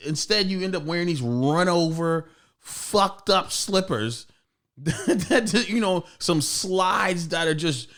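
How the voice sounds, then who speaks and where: A man's voice: sits high, expressive, takes it slowly, a bit bright. A man hosting a podcast, chatting casually and profanely with many restarts. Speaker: podcast host. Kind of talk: casual chat.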